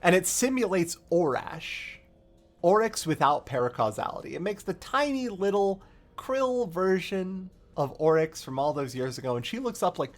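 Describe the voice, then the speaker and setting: A man streaming a joking, profane recap of a video game's story, in a lively, animated way. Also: sits high, normal speed. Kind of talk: comedic game-lore recap.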